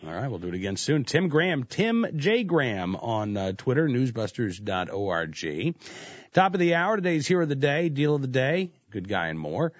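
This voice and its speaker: A man's voice: medium pitch, very animated, moderate pace, no echo. A man hosting a talk radio show, commenting with sarcasm and mocking the quotes he reads. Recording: dull lo-fi sound, dry.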